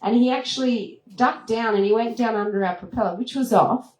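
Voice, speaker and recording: A woman who hosts a travel show, telling a story to a retreat audience in a lively way, laughing often and squealing as she acts out moments. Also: a little high, fairly quick. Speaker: travel TV host giving a talk. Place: event room at a retreat. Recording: roomy echoing hall.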